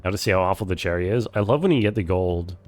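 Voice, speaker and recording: A man's voice: deep voice, quick pace, darkish tone, soft background music. A young man streaming a game, joking and profane in casual gameplay commentary.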